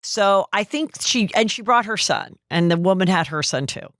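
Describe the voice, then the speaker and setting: A woman's voice: mid-range voice, normal speed, no echo. Chatty woman dishing gossip, dry studio sound. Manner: animated storyteller acting out quoted people. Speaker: podcast host. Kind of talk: casual gossip chat.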